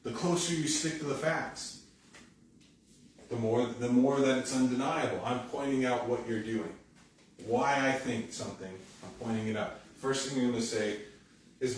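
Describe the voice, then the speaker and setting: A man's voice: medium pitch, moderate pace, far from the mic, slight background noise. A man preaching a conversational sermon as a pastor, often acting out the quoted lines of other people. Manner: conversational, animated, acts out quoted dialogue. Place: church sanctuary. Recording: echoey church hall, speaker away from mic.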